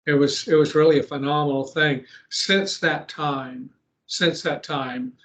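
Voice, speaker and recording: A man, a pastor, telling a long story in an interview, earnest, with frequent restarts and throat clearing. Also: medium pitch, fairly bright tone. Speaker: pastor and exorcist guest.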